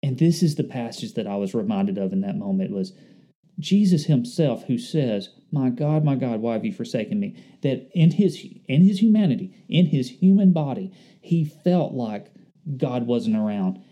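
A man's voice: mid-range voice, very animated, moderate pace, warm tone. A man preaching a sermon, earnest and conversational, reflective as he speaks to his congregation. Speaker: pastor.

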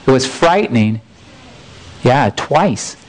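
A man's voice: mid-range voice, big pitch swings, slow pace, poor audio. A man, preaching a sermon as a folksy, earnest personal story with frequent restarts. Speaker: pastor.

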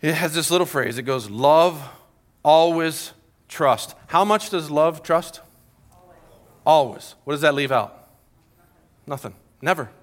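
A man's voice: on the high side, lively intonation, moderate pace, long pauses, a bit bright. A middle-aged man preaching a sermon as a pastor, earnest, repeating key phrases and building to emphatic peaks.

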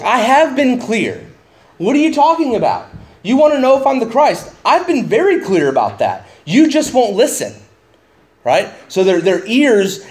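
A man preaching a verse-by-verse sermon in a conversational way, getting animated when he paraphrases. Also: a little high. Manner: conversational, rising excitedly when paraphrasing Jesus. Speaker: pastor. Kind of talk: expository sermon.

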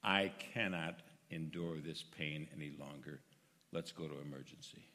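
Older man, very low voice, earnest church testimony; goes quiet, then loud and emphatic; long hall echo. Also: a little slow. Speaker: church member speaking to his congregation. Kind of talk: personal testimony. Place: church sanctuary.

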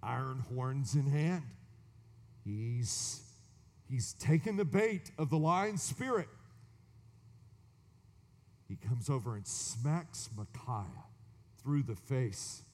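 A man's voice: medium pitch, sing-song, slow, pauses often, darkish tone, in a large hall. A man preaching a sermon, dramatic, dropping to whispers and rising for emphasis, with sarcastic asides. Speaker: pastor.

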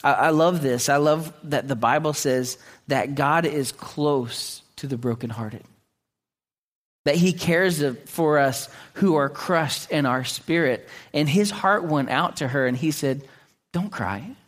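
A man preaching a sermon in an earnest way, often restarting his words and clearing his throat. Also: a little high, measured pace. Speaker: pastor.

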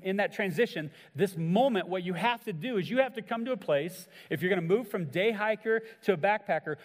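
Preaching man in a reverberant hall. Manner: earnest preaching, acts out quoted lines with shifts in pitch and volume. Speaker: pastor. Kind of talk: sermon.

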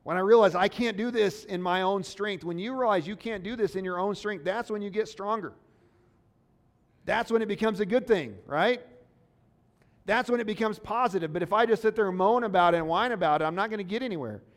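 A pastor with a high voice, speaking fairly quickly, preaches a sermon. His delivery is earnest and conversational, and he poses rhetorical questions to the congregation.

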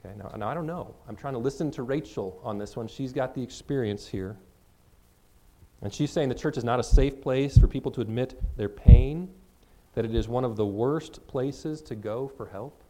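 A man gives an earnest, conversational sermon as a pastor, talking straight to his congregation. His voice is mellow and warm, sitting at an ordinary middle pitch. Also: normal speed.

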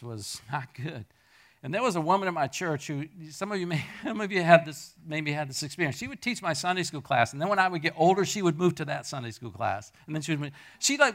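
Animated preacher man with lively pitch. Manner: animated storytelling, swings from loud peaks to near-murmurs. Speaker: pastor. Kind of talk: sermon. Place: church hall with a congregation.

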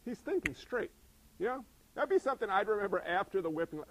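A man preaching a sermon in an animated way, acting out voices and asking the congregation questions. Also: sits high, fast talker, poor audio. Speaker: pastor.

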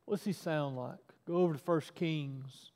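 A man preaching a sermon as a pastor, reading scripture aloud and pressing his points with bursts of loudness and frequent restarts. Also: fairly high pitch, measured pace, long reverb tail. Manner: animated, rising loud for emphasis, frequent restarts.

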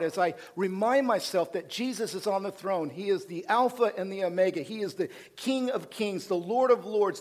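A pastor delivers a sermon in a slightly high voice for a man. He swings between loud, driving emphasis and quiet, hushed passages. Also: normal speed, few pauses.

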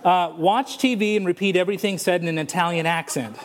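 A man's voice: high-pitched, a little fast, background noise. A male pastor preaching a sermon in a church, mixing storytelling and humor. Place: church sanctuary.

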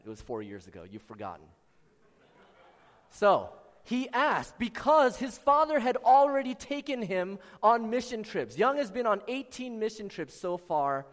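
An earnest man preaches to his congregation, calling people out by name as he goes. His voice sits a little high for a man. The sound carries a long reverb from a large church sanctuary. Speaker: pastor. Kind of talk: sermon.

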